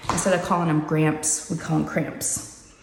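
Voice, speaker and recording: Deep and gravelly, this woman's voice shows little pitch movement and keeps a moderate pace. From her upstairs craft room behind a closed door, she rambles to her crafting-channel viewers in a chatty, meandering way, saying "y'all." The sound is echoey with long reverb and faint noise.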